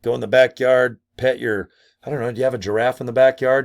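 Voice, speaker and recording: A man's voice: medium pitch, steady tone, fast, creaky. Goofy crude older man ranting. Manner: goofy, crude jokes, exaggerated asides; slips into silly put-on voices. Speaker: marketing vlogger. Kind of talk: casual promotional rant.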